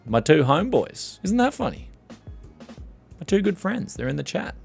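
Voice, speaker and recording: A man's voice: on the high side, moderate pace, gravelly, slightly rough, faint music behind. A man with a strained voice, hosting a tech livestream in rambling casual chat and reading out questions from viewers. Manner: rambling, animated, reads chat questions aloud. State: strained voice from yelling.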